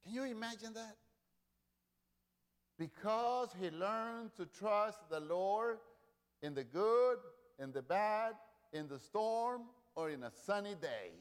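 A man preaching a sermon, repeating lines, swelling loud and falling quiet. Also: sits high, animated, slow pace, smooth. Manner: rousing preaching with repetition, rising and dropping in volume. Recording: long reverb of a large hall.

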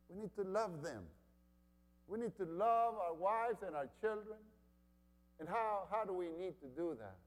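Slow, emphatic preacher in a reverberant hall. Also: male voice, high voice, darkish tone. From Honduras. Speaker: pastor. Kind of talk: sermon.

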